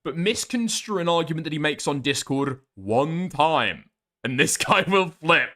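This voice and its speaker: A man's voice: on the high side, lively intonation, a little slow, sharp tone. A man chatting casually and rambling on a live stream, swearing often. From northern England.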